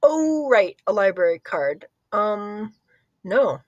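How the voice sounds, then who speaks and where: A woman's voice: medium pitch, very animated, takes it slowly, muffled recording. A woman reading as a shy young girl in an audiobook, hesitant with fillers. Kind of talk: audiobook character voice.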